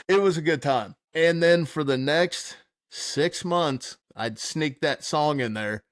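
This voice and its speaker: A man's voice: fairly high pitch, slow, dry recording, clean studio sound. A man hosting a podcast, telling a wild story in casual, rambling chat, swearing freely and laughing as he goes. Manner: rambling, profane, laughs through his story. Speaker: podcast host.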